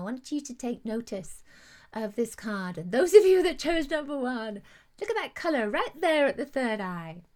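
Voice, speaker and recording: A woman hosting a live angel card reading, gushing and soothing, reading viewer comments aloud and at times close to tears. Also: fairly high pitch. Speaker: intuitive card reader hosting a live stream.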